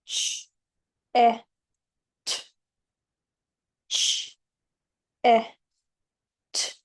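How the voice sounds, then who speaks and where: A woman's voice: very slow, no room sound, low-quality recording. A woman with an Australian accent, a student carefully sounding out words in a phonics lesson.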